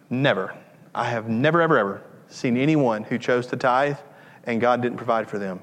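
A man's voice: mid-range voice, moderate pace. Earnest preaching man in a reverberant hall. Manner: earnest, repetitive preaching with joking asides. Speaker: pastor. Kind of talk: sermon. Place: church sanctuary.

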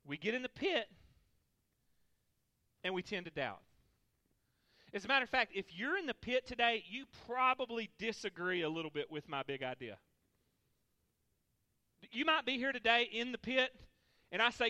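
A man's voice: high voice, very animated, normal speed, pauses often, bright, forceful tone, dry recording. A male pastor preaching a sermon, emphatic, repeating key lines for the congregation.

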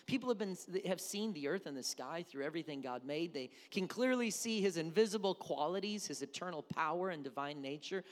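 Chatty preacher guy joking around mid-sermon, voice jumps all over, long church echo. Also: high-pitched. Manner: conversational and joking, breaks into singing and mimicry. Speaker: pastor. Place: church sanctuary. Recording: echoey hall.

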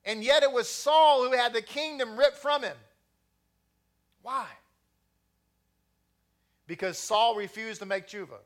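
A middle-aged man giving a sermon on scripture, mixing in personal stories and growing loud and animated as he tells them. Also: extremely high pitch, a little slow, long pauses. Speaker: teacher of scripture.

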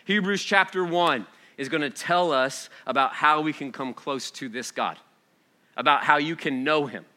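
Bright-voiced man preaching a sermon. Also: fairly high pitch, moderate pace. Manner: swings from hushed scripture reading to loud, excited exhortation; reads scripture aloud, then expounds with rhetorical questions.

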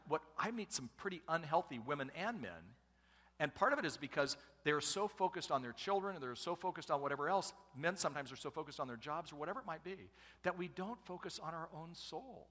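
Middle-aged guy giving a sermon, jokey and chatty, bright voice that bounces all over, big church reverb. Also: a little high, lively intonation, a little fast. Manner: humorous, conversational preaching with asides to the congregation. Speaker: pastor and family speaker.

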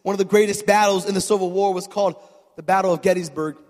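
A man preaching a sermon, telling stories in a chatty way that builds to shouted peaks and calls on the crowd for an amen. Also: high voice, steady tone, quick pace, in a large hall. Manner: storytelling, builds from chatty asides to shouted climaxes; calls for audience response.

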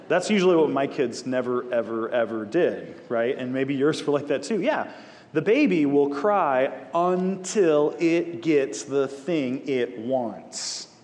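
A man preaching a sermon, animated, repeating words for emphasis and telling personal stories. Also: fairly high pitch. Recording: long hall reverb.

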